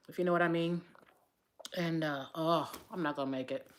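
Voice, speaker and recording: A woman hosting a casual livestream for her viewers, tearful and crying as she talks, rambling, sighing often and trailing off softly. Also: low-pitched, brisk. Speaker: livestream host. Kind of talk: casual live chat to viewers.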